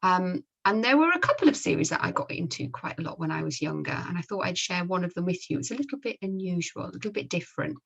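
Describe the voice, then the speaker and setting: A woman's voice: lowish voice, big pitch swings, fast, gravelly, few pauses, fairly bright tone, slightly rough. A woman from the north of England, a primary school teacher, chatting to pupils about comic strips in a friendly, explaining way with fillers. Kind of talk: recorded book sharing for pupils.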